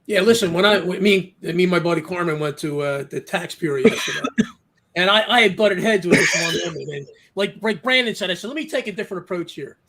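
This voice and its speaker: A man in a casual chat, telling a story in an animated way and laughing often. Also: sits high, fairly quick, over a noisy crowd. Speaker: guest in a chat.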